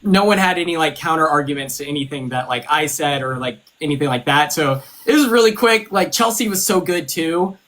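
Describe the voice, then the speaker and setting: A man chatting casually on a live stream as a former contestant and superfan, animated and emphatic. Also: fairly high pitch, fairly quick, hardly any pauses.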